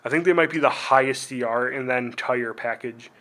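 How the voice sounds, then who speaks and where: A young man hosting a casual unboxing video in a middle-pitched, everyday voice. He rambles, fills gaps with "like", and makes fun of himself as he goes. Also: a little fast, sharp tone. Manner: rambling and self-deprecating, full of "like" and trailing asides. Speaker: video host.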